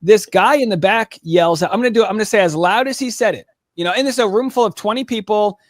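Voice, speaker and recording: High-voiced man telling stories animatedly. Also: no echo, clean studio sound. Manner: animated storyteller, quick restarts and asides. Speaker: comedian and podcaster, guest. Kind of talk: casual interview storytelling.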